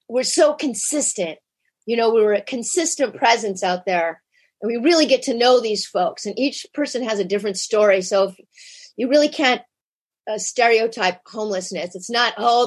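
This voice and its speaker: Woman guest, slightly high-pitched, lively candid storytelling. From United States. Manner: animated, shifts pitch sharply when acting out quotes. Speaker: podcast guest.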